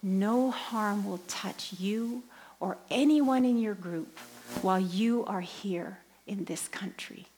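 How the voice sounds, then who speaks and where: A woman storyteller voicing a kindly priest, speaking slowly and softly to comfort someone. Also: mid-range voice, slight background noise, lightly acted. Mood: gentle. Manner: slow, soft, reassuring. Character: kindly old male priest, gentle and calm.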